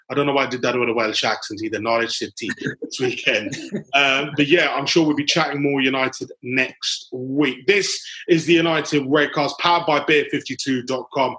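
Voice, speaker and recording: A man's voice: medium pitch, moderate pace, sharp tone, low-quality recording. A man from England hosting a casual football podcast, chatty and joking, calling his guests "chaps" and "mate". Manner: chatty, laughing, ends phrases with "mate" and "chaps". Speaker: podcast host.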